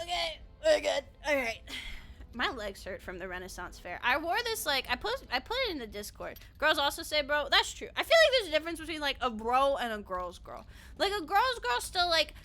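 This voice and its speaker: A woman's voice: high voice, bright, forceful tone. A young adult woman streaming a game, chatting casually in a bubbly way, laughing often and swearing offhandedly. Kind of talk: casual live-stream chat while playing.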